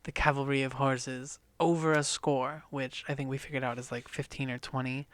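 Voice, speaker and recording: An excitable man co-hosting a casual podcast and recapping a book, swearing freely as he goes. His voice is bright and smooth, and the recording is dry and close. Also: mid-range voice, normal speed, no room sound. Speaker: podcast co-host.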